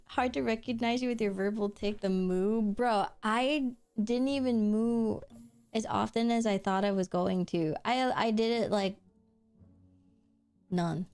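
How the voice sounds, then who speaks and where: A woman's voice: a little high, fairly even intonation, unhurried, darkish tone, clean tone, soft background music. A woman streamer chatting casually with her viewers while drawing, answering chat, giggling often and swearing offhandedly.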